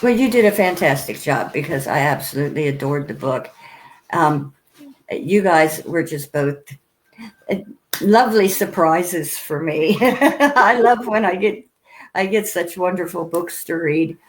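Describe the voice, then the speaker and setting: A woman's voice: fairly low pitch, animated, a little slow, rough recording. A woman hosting an author interview in a casual, chatty way, laughing often. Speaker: podcast host interviewing authors. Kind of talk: casual chat.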